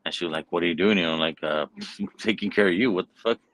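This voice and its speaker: A man's voice: deep voice, quick pace, fairly bright tone, rough recording. A man hosting a casual chat, telling a long story loosely and swearing constantly. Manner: profane, rambling storyteller. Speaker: podcast host.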